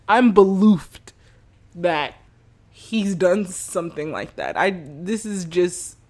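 A young woman talking straight to her listeners on her podcast. She tells her story in a loose, animated way and gets worked up and exasperated. She swears freely and laughs along the way. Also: lowish voice, slow. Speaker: podcast host. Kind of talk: casual storytelling monologue.

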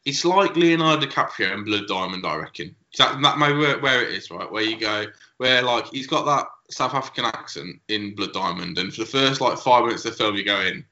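Stammering man with a bright voice. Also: fairly low pitch, animated, a little fast, hardly any pauses. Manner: stammering, repeats words, laid-back. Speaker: podcast co-host. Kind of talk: casual podcast chat. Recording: dull lo-fi sound in an echoey room.

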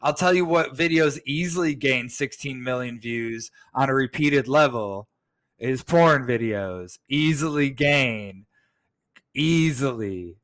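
A man's voice: medium pitch, takes it slowly, fairly bright tone. Joking male co-host in casual chat. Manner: joking, teasing, repeats his point. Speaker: podcast co-host.

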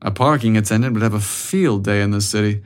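A man's voice: fairly low pitch, quick pace, lightly acted. A man voicing a wry young man in an audiobook, in a plain, wistful tone.

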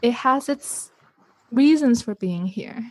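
A woman's voice: a little high, expressive, slow, dry recording, studio quality. A woman guest on a podcast, telling a story in casual chat with many restarts and repeated words.

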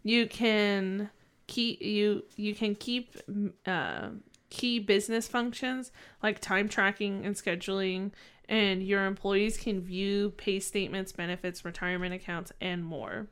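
A woman co-hosting a casual business chat, playful and giggly, who drops into a lower, quieter tone to read product details. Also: fairly even intonation, a little slow, smooth. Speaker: podcast co-host.

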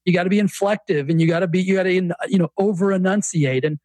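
High-voiced Southern man, animated storyteller. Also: quick pace, no room sound. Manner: animated storyteller, many restarts. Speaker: guest, fitness coach and author. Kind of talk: casual podcast interview.

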